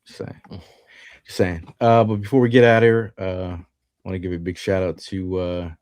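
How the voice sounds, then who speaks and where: A man's voice: deep voice, level tone, moderate pace, a little mellow, dry recording, studio quality. A man with a Philadelphia accent hosting a live sports podcast, chatting casually and reading out viewer comments and news quotes. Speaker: podcast host.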